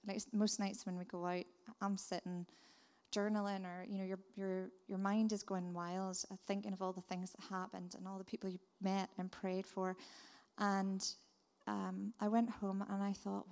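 A woman's voice: mid-range voice, level tone, normal speed, darkish tone. A woman giving an earnest, heartfelt testimony about her missionary work, telling it as a story. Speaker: missionary speaker. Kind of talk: testimony talk. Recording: reverberant hall.

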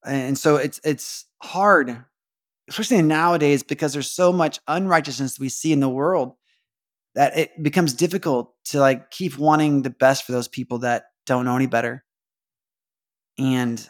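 A man's voice: mid-range voice, moderate pace. A man hosting a casual devotional podcast, talking earnestly, repeating phrases and asking rhetorical questions. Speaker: podcast host.

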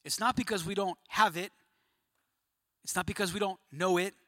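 High, bright-voiced man preaching. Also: steady tone, moderate pace, no echo. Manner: emphatic, rising to near-shouting questions; drops to a quiet, low voice for emphasis. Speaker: pastor. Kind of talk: sermon. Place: room of about a hundred men.

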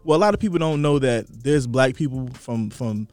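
Fast-talking animated man in his thirties. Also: mid-range voice, no room sound, faint music behind. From New York, raised in Atlanta. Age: 30s. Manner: animated, chuckles as he talks. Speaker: podcast co-host. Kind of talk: casual podcast conversation.

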